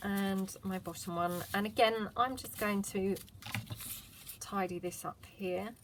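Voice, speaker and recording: A woman's voice: mid-range voice, steady tone, unhurried, slight background noise. A woman hosting a casual craft tutorial, chatting and muttering to herself as she works, cheerfully self-deprecating.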